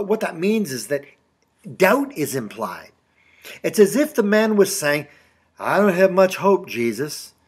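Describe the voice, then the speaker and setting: A man's voice: a little high, breathy edge. A middle-aged male pastor giving a sermon in a conversational preaching style, often asking his listeners rhetorical questions. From Canada.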